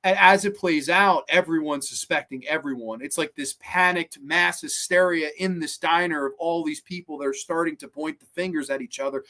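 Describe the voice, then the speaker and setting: A man's voice: a little high, normal speed, hardly any pauses, bright, forceful tone. A man hosting a podcast, casually reviewing a TV episode in an enthusiastic, rambling way and cursing freely. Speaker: podcast host.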